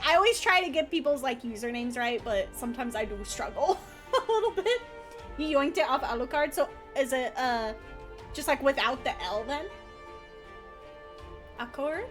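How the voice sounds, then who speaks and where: A woman streaming a video game, chatting casually with her viewers, laughing often and breaking into loud playful outbursts. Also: high-pitched. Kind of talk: casual livestream gameplay commentary.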